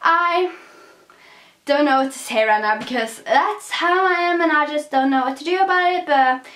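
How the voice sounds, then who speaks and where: A woman's voice: sits high, moderate pace, a bit bright. Hyper giggly young woman, echoey room. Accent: non-native. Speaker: vlogger. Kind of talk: casual chatty vlog.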